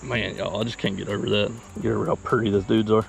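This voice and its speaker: A fishing channel host with a low, gravelly voice talks fast in a level tone while wading and casting in a mountain creek. His casual vlog commentary is easygoing and chatty, with soft background music and insect noise in the outdoor recording.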